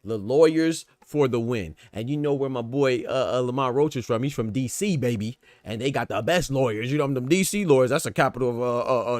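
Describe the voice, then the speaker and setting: A man's voice: medium pitch, no echo. An American man hosting a casual boxing livestream, talking in streetwise slang and firing off rhetorical questions with repeated emphasis. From United States. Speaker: boxing podcast host.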